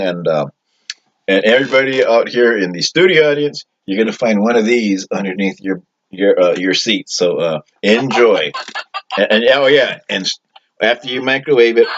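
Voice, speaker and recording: A man hosting a comic food review in a tough-guy persona, hesitant and rambling with a repeated "yo". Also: lowish voice. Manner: hesitant, rambling, lots of fillers, "yo" catchphrase. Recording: dull lo-fi audio, faint hiss.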